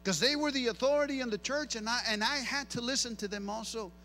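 High-voiced, bright-toned middle-aged pastor. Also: male voice, quick pace, slight background noise. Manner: animated, repeats himself for emphasis. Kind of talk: bilingual sermon.

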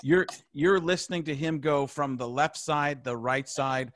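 A man co-hosting a podcast in casual chat, quick-witted and joking, tossing in short bits of impressions. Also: a little high, a bit bright, no echo, studio quality. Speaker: podcast co-host.

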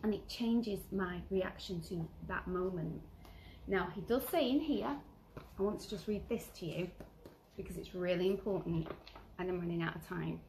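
A woman vlogger giving earnest self-help advice, stressing and repeating key phrases and sometimes dropping to a soft whisper. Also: fairly low pitch, moderate pace, slight background noise, low-quality recording. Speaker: lifestyle vlogger. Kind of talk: motivational self-help talk.

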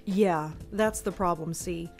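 A woman's voice: fairly low pitch, slow pace, darkish tone, faint music behind. Sarcastic young city woman. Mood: awkward. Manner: dry and sarcastic. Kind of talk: video game voice acting.

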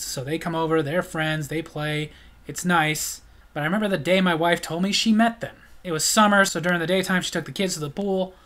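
A man's voice: a little high, a bit bright. A middle-aged man telling stories in a casual vlog, blunt and sarcastic. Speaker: storyteller.

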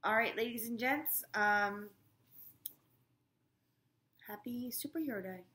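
A woman's voice: on the high side, slow pace, background noise. A woman teacher reading a storybook aloud to her students, with casual, chatty asides. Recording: echoey room.

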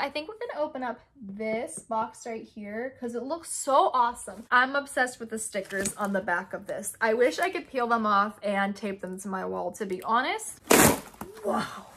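A young woman vlogger excitedly opening fan mail, gushing and gasping as she reads notes aloud. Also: high-pitched, a little hiss or hum. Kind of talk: excited unboxing chat.

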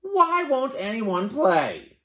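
A man voicing a hyper young male bird who refuses to go to bed, with a shrill, shouty, drawn-out whine. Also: huge pitch swings, vocal fry, exaggerated voice. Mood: hyper and whiny. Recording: echoey room.

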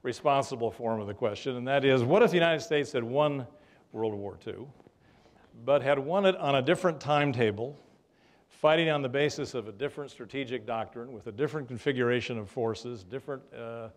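Older male professor, lecture-hall storyteller, mid-pitched voice, dry wit, relaxed pauses and "uh"s. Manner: wry storytelling, dry humor, frequent fillers. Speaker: history professor giving a lecture. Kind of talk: public lecture with anecdotes. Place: lecture room with an audience.

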